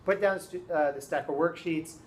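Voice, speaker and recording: A man, a teacher, telling a story to his students in a classroom, casual and animated, often checking in with "okay?". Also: fairly high pitch, a little fast, slight background noise.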